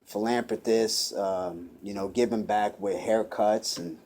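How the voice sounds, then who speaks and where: A man's voice: fairly low pitch, fairly even intonation, measured pace, a little mellow, a little hiss or hum. A man being interviewed, talking in a rambling, hesitant way with lots of fillers. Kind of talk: casual conversation.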